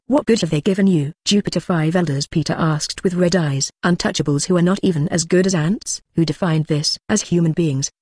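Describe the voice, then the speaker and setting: A synthetic narrator voice reading an audiobook in an even manner, speaking punctuation marks aloud as words. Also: mid-range voice, no room sound, clean studio sound. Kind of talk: machine-read scripted narration.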